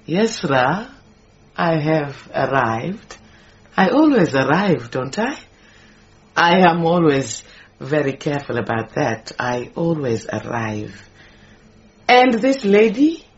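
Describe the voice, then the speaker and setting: A wailing, possessive housemaid, her pitch leaping all over as she protests. It is a radio drama with a dull, lo-fi recording. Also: big pitch swings, slow, long pauses, full character voice. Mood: haughty. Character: indignant, possessive housemaid, middle-aged woman.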